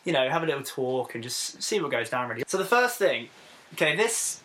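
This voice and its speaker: A man's voice: mid-range voice, sing-song, a little fast, a bit bright, low-quality recording. A young man hosting a casual podcast chat, reading out items and steering the talk with frequent laughs. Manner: leads topics, reads items aloud, laughs often. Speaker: podcast host.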